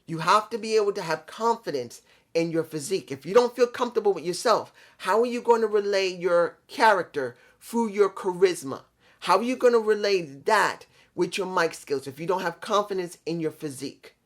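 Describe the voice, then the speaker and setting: A man's voice: sits high, moderate pace. A middle-aged man talking earnestly in a casual, rambling monologue, often repeating himself as he explains a point. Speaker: vlog host. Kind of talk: casual monologue on pro wrestling.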